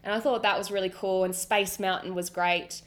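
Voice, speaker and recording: An Australian woman telling a travel story on a podcast, eager and chatty. Her voice sits at an ordinary middle pitch for a woman, and she talks casually with a co-host. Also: fairly even intonation, normal speed. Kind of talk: casual chat.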